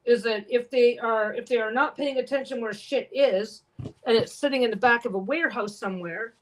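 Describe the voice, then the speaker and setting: A woman's voice: on the high side, moderate pace, poor audio. A woman chatting casually to her livestream viewers while she sews at home, talking bluntly and swearing freely. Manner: swears a lot, blunt and talkative. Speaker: quilter and livestream host. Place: home sewing room.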